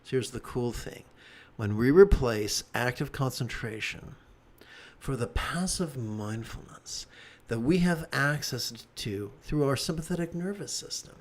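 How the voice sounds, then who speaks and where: Meditation teacher, male, lively and joking, mid-pitched voice. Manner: animated, joking asides. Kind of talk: dharma talk.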